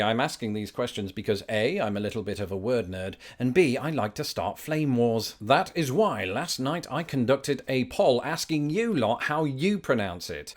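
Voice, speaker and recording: Wry British man, lively pitch. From Britain. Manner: wry, theatrical, self-mocking. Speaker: YouTube host. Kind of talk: scripted comedic vlog monologue.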